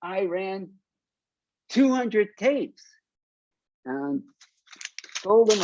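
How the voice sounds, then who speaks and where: Slow-talking older man telling band stories. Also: high-pitched, no room sound, highs cut off. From South Florida. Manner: animated storyteller acting out quoted voices. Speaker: punk band singer interviewed as guest. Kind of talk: casual storytelling interview.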